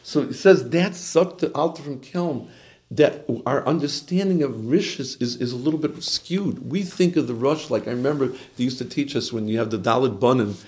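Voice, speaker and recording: A man's voice: mid-range voice, normal speed, darkish tone. A man teaching an informal Torah class in a chatty, digressive way, chuckling now and then.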